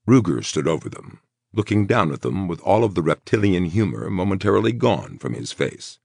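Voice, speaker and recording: A man reads a horror novel in a measured, gravelly voice. His pitch sits very low yet moves with lively range, the pace unhurried. The recording is dry and close. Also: dry recording. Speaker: audiobook narrator. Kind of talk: scripted narration.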